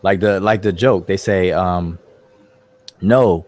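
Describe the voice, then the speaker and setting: Very deep-voiced man hosting a discussion. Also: steady tone, measured pace. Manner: loose, repeats words, many fillers. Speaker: host of an online study group. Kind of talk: casual discussion.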